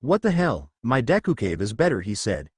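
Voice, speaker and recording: A man's voice: mid-range voice, huge pitch swings, moderate pace, husky, dry recording, studio quality. A man voicing an eager, brash young male hero in a read-aloud fan story.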